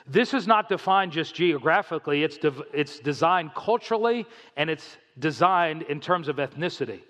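A pastor delivering a sermon, telling stories with animation and acting out the voices of the people in them. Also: male voice, fairly high pitch, normal speed, in a large hall. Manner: animated storytelling, acts out quoted voices.

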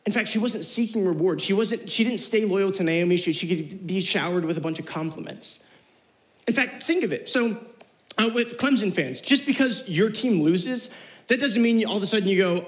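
A young man preaching to youth in an easygoing, slangy way. His voice sits high, and he acts out the people in the story as he tells it. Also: normal speed, rough recording. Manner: casual slangy, animated retellings with quoted voices. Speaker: youth pastor. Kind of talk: youth sermon.

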